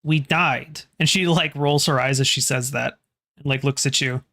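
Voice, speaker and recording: A man in the game master's seat, narrating a tabletop horror session at an easy, conversational pace. He talks the scene through casually and stops now and then to check his notes and turn to his players. His voice sits at an ordinary middle pitch. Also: fairly even intonation, moderate pace, sharp tone.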